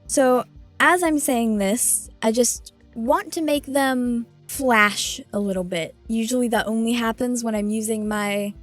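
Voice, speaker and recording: Woman at a tabletop game, chatty, gets excited about her rolls. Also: fairly high pitch, unhurried, faint music behind. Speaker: player. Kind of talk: casual tabletop game chat.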